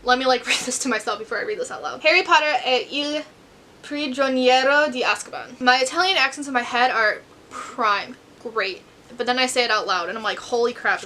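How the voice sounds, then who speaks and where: A woman's voice: on the high side, pushed and bright. An American woman in her twenties, chatting to camera at home about her unread books in a rambling, self-deprecating way. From United States. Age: 20s. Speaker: book vlogger. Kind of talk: casual chat to camera.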